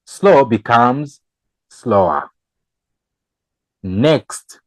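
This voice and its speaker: A man teaching English grammar, switching between English and Kinyarwanda and repeating each example slowly. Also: medium pitch, lively intonation, no room sound, poor audio. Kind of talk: bilingual grammar lesson.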